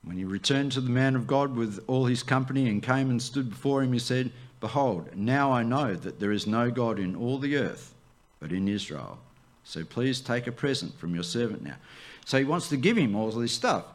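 A man, the church's pastor, preaching a sermon, swooping up high for emphasis and dropping to a near hush. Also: expressive, moderate pace.

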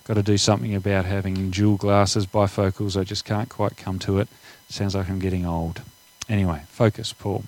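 A man's voice: sits low, level tone, moderate pace, a little mellow, dry recording, poor audio. A middle-aged man preaching a sermon, chatting casually over slides and then reading scripture aloud with rising emphasis. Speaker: pastor.

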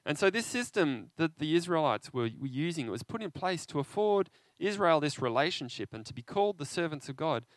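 A man preaching an interactive sermon, animated and conversational, often asking his listeners questions. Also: on the high side, brisk, few pauses, no room sound.

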